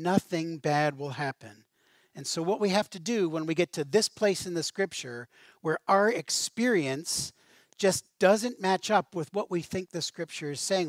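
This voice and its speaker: A man preaching a sermon as pastor, with a conversational, animated style and casual asides. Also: fairly high pitch, no room sound.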